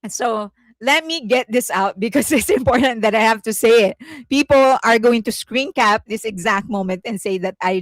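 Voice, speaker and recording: A woman's voice: medium pitch, dry recording. A woman creator giving casual commentary to her viewers, chatty and repetitive, often breaking into laughter. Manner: chatty, repeats herself, many fillers. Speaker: content creator.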